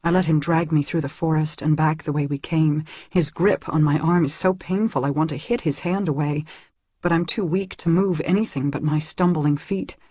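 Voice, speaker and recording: A woman's voice: sits low, fairly even intonation, moderate pace, warm tone, slightly rough, no echo, clean studio sound. A woman reading a first-person novel aloud in an earnest way that rises when the story grows tense. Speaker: audiobook reader.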